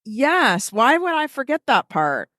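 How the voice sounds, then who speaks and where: A woman's voice: sits high, big pitch swings, a little slow, a bit bright, no echo, studio quality. A woman co-hosting a podcast in casual chat, telling stories in a chatty way, full of "like". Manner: chatty, filler-heavy storytelling with frequent "like". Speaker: podcast co-host.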